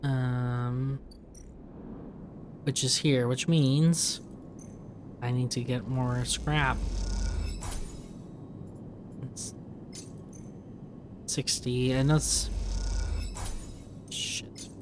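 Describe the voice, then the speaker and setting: A man's voice: mid-range voice, steady tone, very slow, long pauses, background noise. A man casually talking to himself while playing a story game, thinking aloud and restarting his sentences. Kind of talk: casual gameplay commentary. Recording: game music playing behind. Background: game music.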